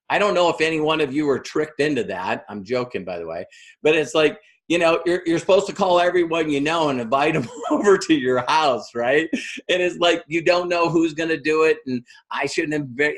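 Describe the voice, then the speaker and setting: A man giving a motivational business training talk, animated and acting out other people's lines as he tells stories. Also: fairly high pitch.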